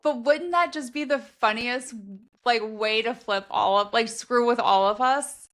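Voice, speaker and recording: A podcast co-host with a slightly high, slightly bright voice speaks a little slowly while thinking aloud about theories on a fantasy novel. Her casual book talk is full of "like" fillers.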